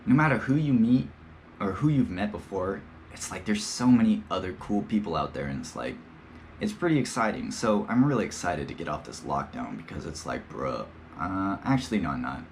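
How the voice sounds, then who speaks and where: A young man with a lowish voice rambles through a casual podcast monologue, his pitch swinging widely from line to line. He talks in loose slang and swears freely, and now and then drops into playful voices. A faint hiss sits under his voice. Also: lively intonation, brisk. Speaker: podcast host.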